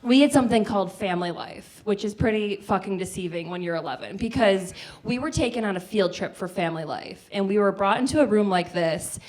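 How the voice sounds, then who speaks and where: A woman's voice: mid-range voice, brisk, darkish tone. A woman in her forties from the Midwest, telling a comic personal story on a small theater stage, chatty and full of "like". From American Midwest. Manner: chatty, lots of "like", acts out quoted voices. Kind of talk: live comedic storytelling.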